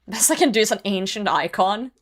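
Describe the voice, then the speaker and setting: A young woman streams a game and chats casually, reading chat messages aloud and laughing often. Her medium-pitched voice has lively intonation and moves a little fast.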